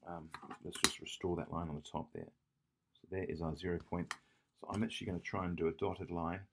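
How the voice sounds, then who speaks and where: A man's voice: low voice, flat delivery, a little fast, creaky, fairly bright tone, slight background noise. A man tutoring math, walking through an exam question while he draws, thinking aloud, correcting himself and checking in with "yeah?". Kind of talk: whiteboard exam walkthrough.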